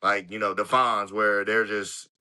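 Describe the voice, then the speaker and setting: A man's voice: on the low side, little pitch movement, a little slow, bright, forceful tone. A man co-hosting a casual sports podcast, talking loosely with lots of "like" and "you know". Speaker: podcast co-host.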